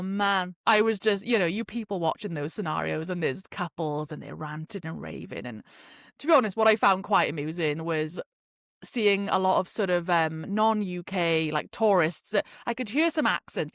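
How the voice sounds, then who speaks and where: A woman's voice: on the low side, no echo, clean studio sound. A British woman hosting a podcast, telling a story in casual chat with frequent laughs. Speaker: podcast host.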